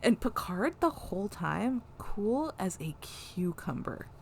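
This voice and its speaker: A woman co-hosting a podcast, recapping an episode in casual, animated chat full of "like" and swearing. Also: mid-range voice, slow, slight background noise. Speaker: podcast co-host.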